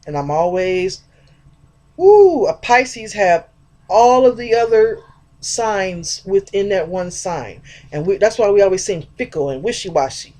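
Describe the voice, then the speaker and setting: A woman's voice: medium pitch, animated, measured pace, warm tone. A woman vlogger talking in a rambling, chatty monologue about spiritual ideas, addressing her viewers directly.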